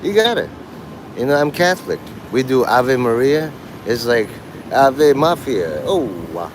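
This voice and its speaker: A man talking casually on a livestream while walking outdoors, rambling and joking and mimicking others in quick quoted voices. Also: mid-range voice, sing-song, background noise.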